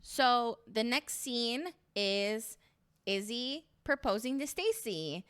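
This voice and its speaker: A woman's voice: mid-range voice, slow pace, fairly bright tone, clear, resonant tone. A young woman talking casually to camera as she recaps a reality dating show, chatty and opinionated, swearing freely.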